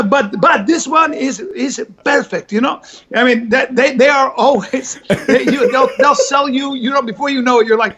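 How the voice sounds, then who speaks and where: A man chatting as a podcast guest, telling animated stories with many restarts and some swearing. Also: very high-pitched, normal speed, a little hiss or hum. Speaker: guest, comedian and actor. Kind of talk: casual podcast chat.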